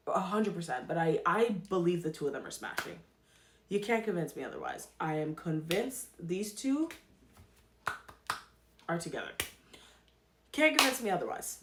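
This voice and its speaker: A woman's voice: mid-range voice, background noise. Emphatic woman commentator in an echoey room. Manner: emphatic, repeats herself for stress. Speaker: podcast host. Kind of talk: casual commentary.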